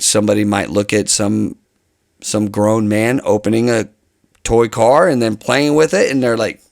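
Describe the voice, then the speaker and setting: A man's voice: on the low side, gravelly, dry recording, clean studio sound. A man talking casually to camera about his channel plans, rambling and often restarting his phrases. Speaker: channel host.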